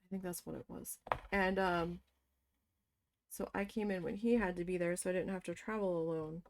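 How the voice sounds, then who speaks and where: A woman casually telling a story from her past, animated and swearing as she quotes her own shocked reactions. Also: fairly low pitch, moderate pace, slight background noise. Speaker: crafting vlogger.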